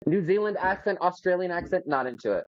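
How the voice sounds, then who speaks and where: A woman in her forties from Florida chatting on a podcast, joking and cutting in on the others. Her pitch sits low but swings widely. The sound is dull and lo-fi. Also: lively intonation, fast, no room sound. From Florida, USA. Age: 40s. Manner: joking, talks over others. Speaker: podcast co-host. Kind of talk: casual podcast chat.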